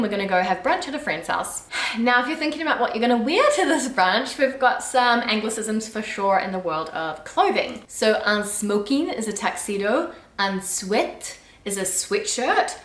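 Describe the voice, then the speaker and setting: A woman vlogger in a chatty, lively explainer style, slipping into quick French phrases as she teaches. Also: medium pitch. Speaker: language vlogger. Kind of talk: casual explainer. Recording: roomy sound from a distant mic.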